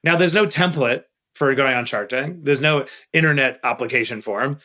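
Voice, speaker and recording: On an interview podcast, a middle-aged guest investor from Queens, New York, shares candid stories and earnestly underlines important points. He talks at a moderate pace in a bright, forceful, medium-pitched voice.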